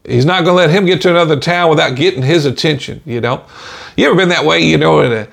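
A man's voice: a little high, quick pace, gravelly. A man preaching an informal podcast sermon in a folksy way, dropping in "amen" and "you know" and chuckling between points.

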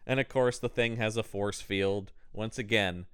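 A man's voice: lowish voice, steady tone, normal speed, clear, resonant tone. A man co-hosting a podcast, chatting casually about a movie, laughing often and quoting lines in mock voices. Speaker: podcast co-host. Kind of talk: casual movie-review chat.

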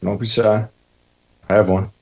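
A man's voice: fairly low pitch, little pitch movement, a little slow, creaky, a little mellow, low-quality recording. A man with a Southern American accent reading the part of a wry, forward recovering alcoholic in a script read-through. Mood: teasing.

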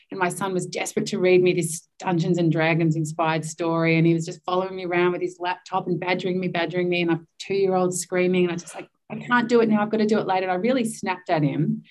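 A mother tells the group about an evening with her kids, speaking reflectively and acting out bits of dialogue. Her voice sits a little lower than most women's. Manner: reflective, animated storytelling with quoted dialogue. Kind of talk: casual sharing on a video call. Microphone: video call.

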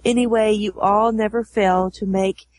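A woman's voice: medium pitch, steady tone, normal speed, darkish tone, no room sound. A woman co-hosting a podcast, reading listener messages aloud in an upbeat, chatty way.

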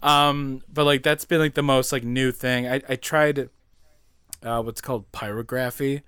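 A man's voice: mid-range voice, steady tone, measured pace, pushed and bright, smooth, dry recording, studio quality. A man in his twenties chatting casually on a podcast, rambling with lots of filler words and laughing through his stories. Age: 20s. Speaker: podcast co-host.

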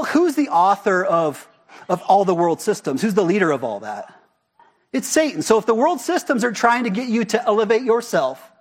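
The pastor's voice sits high as he preaches. He addresses the congregation in a lively, conversational style, frequently asking rhetorical questions.

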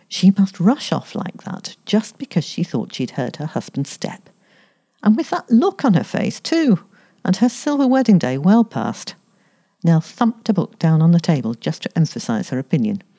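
Low-voiced woman reading a story. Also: warm tone, breathy edge. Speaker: story reader.

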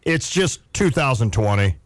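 A man's voice: mid-range voice, normal speed, no room sound, studio quality. A man in his forties hosting a sports radio show, talking casually and laughing often. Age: 40s. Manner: chatty, laughs often, animated.

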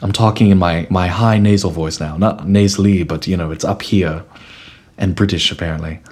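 A man's voice: sits low, steady tone, normal speed, darkish tone. A man co-hosting a podcast, walking through his ideas in a playful, analytical way. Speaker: podcast co-host. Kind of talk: casual chat.

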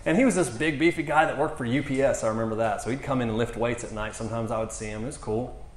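Animated man telling a testimony. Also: mid-range voice, quick pace, reverberant. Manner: animated, acts out quotes. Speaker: minister. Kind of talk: storytelling sermon.

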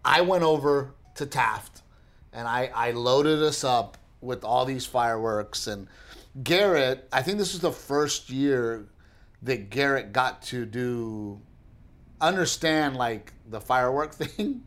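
A man, co-hosting a podcast in casual chat, telling stories in an animated way and teasing his wife. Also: mid-range voice, slow. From Texas. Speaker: podcast co-host.

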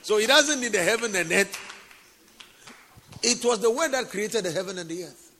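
A man's voice: high-pitched, animated, normal speed, sharp tone, slight background noise. A male preacher giving a sermon with a personal testimony, speaking intimately to listeners as honey and sweetheart. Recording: reverberant hall.

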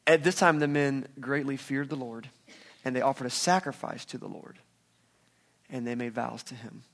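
A man preaching a casual sermon, lively and animated, acting out the voices of the people in the story. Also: mid-range voice, normal speed, gravelly. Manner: animated, acts out quoted voices. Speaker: pastor.

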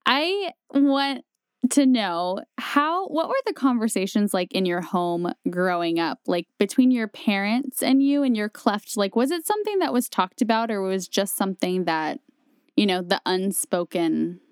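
A woman hosting a podcast, asking a guest questions in a curious, relaxed way. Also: medium pitch, a little slow, clear, resonant tone, dry recording, studio quality. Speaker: podcast host. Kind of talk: interview questions.

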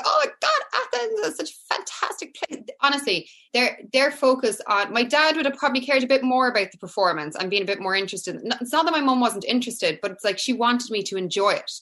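A woman from Ireland in her thirties with an Irish accent, a former athlete chatting as a guest and acting out family voices. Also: quick pace. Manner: animated, acts out her mother in high pitch. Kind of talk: casual interview storytelling.

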